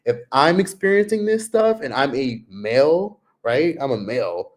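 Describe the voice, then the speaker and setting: A man's voice: animated, moderate pace. Man livestreaming from his laptop, casual and rambling. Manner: chatty, frequent "like", mimics others in high voices. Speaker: livestream vlogger.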